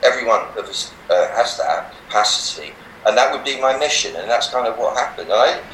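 Speaking briskly in a mid-range voice, an older man who teaches meditation and works as a healer shares lively stories in a relaxed interview. He laughs often and acts out the voices of people he quotes. Faint noise and room sound come from the slightly distant mic.

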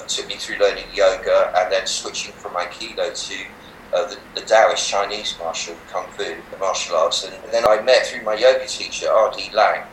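An older man, a healer and meditation teacher, telling animated stories in an interview and laughing often. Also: fairly low pitch. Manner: animated anecdotes, laughs often, acts out voices in quotes. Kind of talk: storytelling in a relaxed interview. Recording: roomy, slightly distant mic with faint background noise.

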